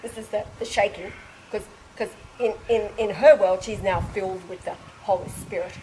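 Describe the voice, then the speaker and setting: Her mid-range voice moves at a moderate pace over slight background noise in a low-quality recording. It's an informal spoken testimony: the woman retells a spiritual story with lots of energy, voicing what others said and frequently breaking into laughter.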